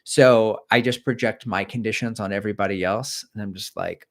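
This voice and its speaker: Middle-aged man, livestream host, casual chat, rambling, self-deprecating, fairly low voice. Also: brisk, fairly bright tone. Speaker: livestream host reading viewer comments.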